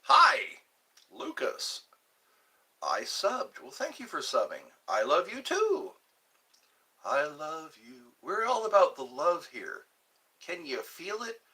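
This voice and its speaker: A man's voice: mid-range voice, a bit bright. A man hosting his own live stream, rambling and joking between topics, greeting viewers and now and then breaking into mock cries.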